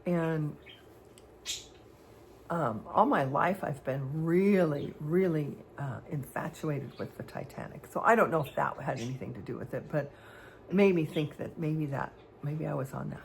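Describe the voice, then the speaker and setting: Woman vlogger, creaky low register, hesitant and meandering, personal stories. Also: measured pace, a little hiss or hum. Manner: rambling, hesitant, with many fillers and restarts. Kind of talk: candid personal storytelling.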